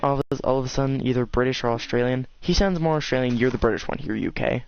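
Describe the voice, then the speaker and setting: A man's voice: mid-range voice, fast. Streamer guy, mid voice, jokey and insistent; dull lo-fi headset sound. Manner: joking, insistent, keeps swearing he is not kidding. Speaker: streamer building in a game. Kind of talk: casual chat over gameplay.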